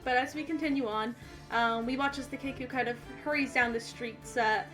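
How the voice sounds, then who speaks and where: A woman's voice: a little high, fairly even intonation, a little fast, over music. A woman narrating as game master of a tabletop game, hesitant and full of fillers.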